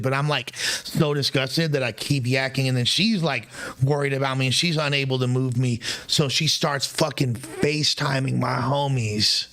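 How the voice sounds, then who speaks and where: Young male streamer, profane, rambling, slangy, mid-pitched voice. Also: steady tone, normal speed, gravelly, bright, forceful tone. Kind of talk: casual livestream storytelling.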